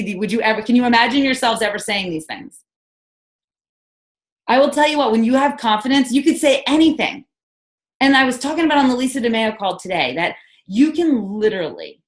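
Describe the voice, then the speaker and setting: A woman leading a team call, coaching with energy and enthusiasm and firing off rhetorical questions. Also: fairly high pitch. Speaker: sales team leader. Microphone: conference call.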